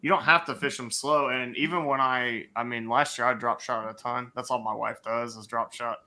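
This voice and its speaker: A man hosts a relaxed fishing talk, trading jokes with his guests. His voice is bright and forceful, sitting at an ordinary pitch. He keeps the talk light and upbeat. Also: moderate pace. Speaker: host. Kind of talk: casual fishing chat.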